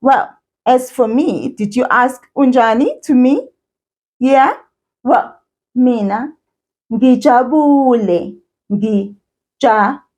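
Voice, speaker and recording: A woman teaches children in a slow, patient cadence, her fairly high voice bouncing up and down with lots of melody. She repeats each word carefully and cheers her young learners on, with faint music underneath. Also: animated, a little mellow. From South Africa. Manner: slow, encouraging, repeats words for learners to echo. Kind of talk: children's language lesson.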